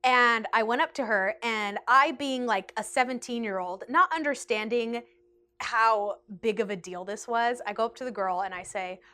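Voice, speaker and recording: A woman's voice: on the high side, normal speed. Chatty young woman telling a storytime vlog. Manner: chatty and animated, heavy use of like. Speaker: vlogger. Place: indoors, seated in a rotating chair.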